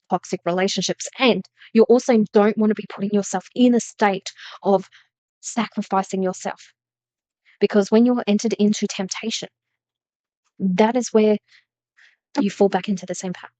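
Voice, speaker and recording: A woman's voice: mid-range voice, mellow, no echo. A woman giving a spiritual tarot reading to her viewers, talking earnestly and with emphasis, often repeating phrases. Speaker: tarot reader.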